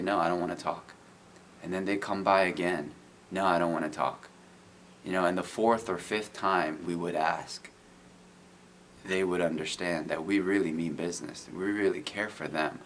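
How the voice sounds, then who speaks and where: A middle-aged man with a very low, gravelly voice tells his story in an earnest, casual way, leaning on "you know" as he goes. Faint noise sits under the recording. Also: fairly bright tone. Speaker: guest, IT business owner. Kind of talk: casual testimony.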